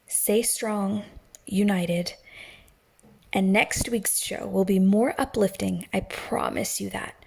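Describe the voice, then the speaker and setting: A woman's voice: mid-range voice, slow pace, vocal fry, husky. A woman hosting a morning radio-style show, talking casually to her audience in a chatty, self-deprecating way. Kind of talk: casual solo show monologue.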